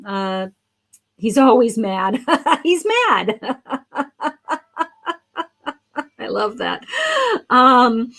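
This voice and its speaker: A middle-aged woman, a psychic, giving live tarot readings to viewers in a chatty, affectionate way, thinking aloud with frequent ums and restarts. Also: on the high side. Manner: chatty, affectionate, calls viewers sweetheart and honey.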